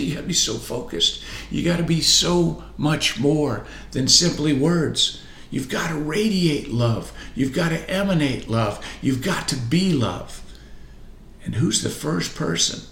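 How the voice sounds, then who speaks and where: An older man in his sixties delivers a motivational coaching talk with a mid-range voice. He leans hard on repeated words and moves between loud pushes and soft, drawn-out lines. The room gives back a noticeable echo. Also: mid-range voice. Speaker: practice coach. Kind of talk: motivational speech. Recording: roomy echo.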